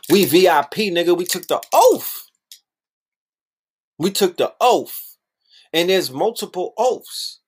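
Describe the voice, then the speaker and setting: A man talking in a casual, animated monologue, full of slang and repeated phrases, sometimes mocking other people's voices. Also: on the high side.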